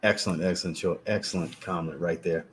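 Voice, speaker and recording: Animated, profane male livestream host. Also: deep voice, quick pace, a little hiss or hum. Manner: animated, profane storytelling, reads chat aloud. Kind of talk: casual livestream chat.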